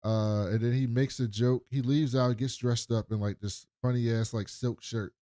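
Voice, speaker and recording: A man's voice: mid-range voice, normal speed, no room sound, clean studio sound. Man animatedly retelling a TV episode. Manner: animated retelling with acted quotes. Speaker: podcast co-host. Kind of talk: casual recap chat.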